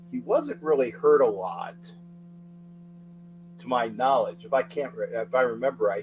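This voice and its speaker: A middle-aged man hosting a casual sports livestream, excitably shouting out viewers' names and rambling between topics. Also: medium pitch, a little hiss or hum, poor audio. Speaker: livestream sports talk host.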